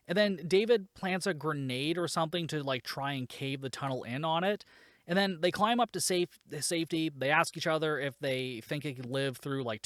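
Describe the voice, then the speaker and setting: A man's voice: fairly high pitch, fairly bright tone, no room sound, clean studio sound. A man hosting a podcast, recapping a film in a casual, rambling way, exasperated and swearing, with lots of fillers. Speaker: podcast host.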